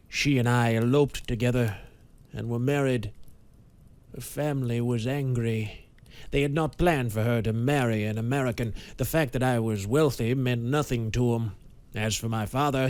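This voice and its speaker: A man voicing a haunted, frightened millionaire in an audiobook, with a hoarse, rasping voice and slow, pained speech. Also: medium pitch, a little mellow, lightly acted. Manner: speaks slowly and painfully. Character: rich middle-aged male millionaire, haunted and frightened.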